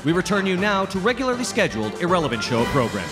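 Deadpan mock news anchor man. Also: high-pitched, very fast, music in the background. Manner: deadpan newsreader delivery. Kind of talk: parody newscast.

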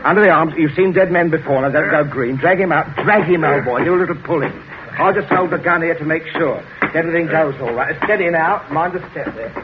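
A man's voice: a little high, a little fast, natural voice. An actor playing a coldly polite, chuckling father holding a man at gunpoint, in a 1940s radio drama. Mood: menacing. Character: menacing, genteel middle-aged father with a gun. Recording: dull old radio broadcast with hiss.

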